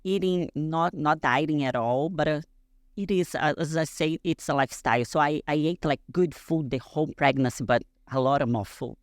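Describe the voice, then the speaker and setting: A woman's voice: deep voice, moderate pace, dry recording. Chatty woman, dry sound. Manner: chatty, many fillers. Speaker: guest. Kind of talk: casual interview chat. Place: studio, podcast.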